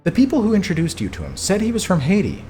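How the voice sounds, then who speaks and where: A man's voice: high voice, wildly swooping pitch, quick pace, mellow. A man streaming himself reading a text adventure game aloud, chatty, with casual asides. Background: faint background music.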